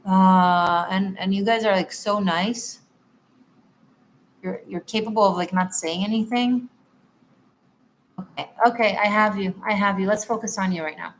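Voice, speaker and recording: A woman's voice: mid-range voice, measured pace, pauses often, slight background noise. A woman tarot reader on a live stream, chatting with viewers and apologizing as she gives readings.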